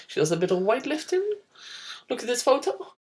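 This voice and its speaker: A woman's voice: fairly high pitch, very animated, brisk, darkish tone, slightly rough. A young woman in her teens hosting a spoof news show, goofy and rambling, breaking into giggles. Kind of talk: mock news presenting.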